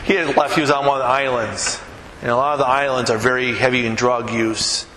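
A man preaching a sermon as a pastor, telling a story with lively rises in pitch when he gets excited. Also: a little fast, a little hiss or hum. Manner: animated storyteller, voice climbs high when excited. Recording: echoey hall with long reverb and faint ambience.

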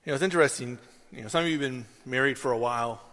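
A man's voice: mid-range voice, rapid-fire, a bit bright. Man preaching in a reverberant church hall. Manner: conversational, rises to emphatic questions. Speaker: pastor. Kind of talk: sermon with storytelling.

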